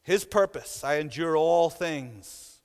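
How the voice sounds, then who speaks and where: An earnest preacher delivers a sermon at a slow pace, driving his points home through emphatic repetition. His voice sits high for a man, and a long reverb from the church hall trails behind every phrase.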